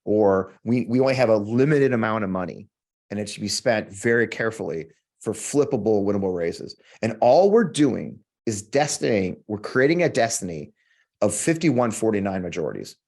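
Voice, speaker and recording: A man's voice: lowish voice, lively intonation, normal speed, darkish tone. An American man hosting a podcast, in a heated political monologue, swearing often and repeating lines for emphasis. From United States. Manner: emphatic, preacherly build-ups. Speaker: podcast host.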